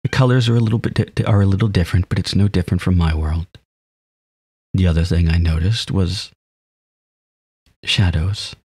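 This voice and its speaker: A man's voice: sits low, fairly even intonation, normal speed, long pauses, darkish tone, husky, dry recording, clean studio sound. A man reading a visual novel aloud in the first person, breaking off now and then to laugh and comment. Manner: laughs and comments between read lines.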